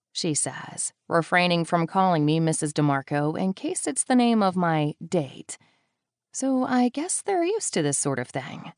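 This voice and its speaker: Woman narrator, lowish voice, wry and deadpan, dry close studio sound. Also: unhurried, no echo. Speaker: audiobook narrator. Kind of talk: first-person audiobook narration.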